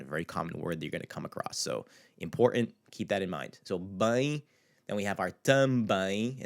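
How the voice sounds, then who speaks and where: Low-voiced man teaching pronunciation. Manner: repeats words slowly to demonstrate pronunciation; loose and conversational, with filler words. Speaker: language teacher. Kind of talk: casual video lesson.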